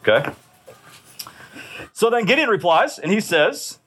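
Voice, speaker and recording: A man's voice: high voice, big pitch swings, normal speed, long pauses, sharp tone, breathy edge. A man preaching a sermon in a conversational way, often checking in with his listeners. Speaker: pastor.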